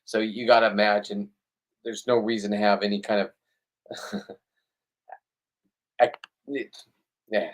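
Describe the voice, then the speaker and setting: A fishing vlogger speaks to the camera in a fairly low, level voice, keeping a measured pace and pausing often. He's blunt and rambling, with plenty of self-deprecating jokes.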